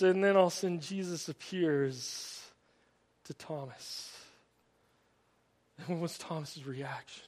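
Animated preacher man, echoing hall. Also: high voice, a little slow, long pauses. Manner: storytelling preacher, animated, frequent repeated "and". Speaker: pastor. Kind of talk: sermon. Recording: long hall reverb.

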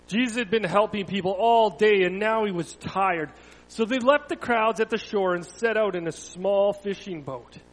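A man, a pastor, reading a children's Bible story to a church, swelling loud then dropping to a hush. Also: high-pitched, normal speed. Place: church sanctuary. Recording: long reverb of a church hall.

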